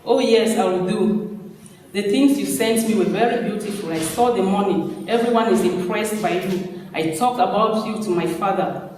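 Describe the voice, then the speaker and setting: A man's voice: sits high, moderate pace, distant mic, a little hiss or hum, close to an everyday voice. A man reading aloud as an eager, affectionate young woman on the phone with her fiancé, in an echoey hall. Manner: affectionate, excited.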